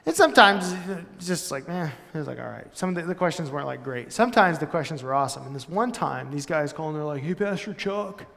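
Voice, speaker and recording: A pastor giving a casual, storytelling sermon in a church, animated and full of "like" and "right?". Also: male voice, fairly high pitch, quick pace, vocal fry, hardly any pauses. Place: church hall. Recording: long church-hall reverb.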